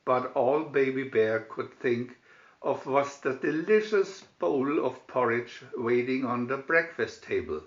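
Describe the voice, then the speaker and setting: A man reading a fairy tale aloud from a picture booklet, expressive storytelling with announced picture numbers. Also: medium pitch, slow, echoey room, muffled recording. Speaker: storybook reader. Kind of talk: slow read-aloud fairy tale narration.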